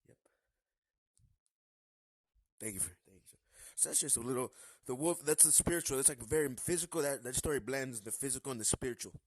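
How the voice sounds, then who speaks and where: A man hosting a live stream, telling a story in a casual, animated way and acting out the characters' lines. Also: medium pitch, fairly quick, pauses often, slightly rough, no room sound, rough recording.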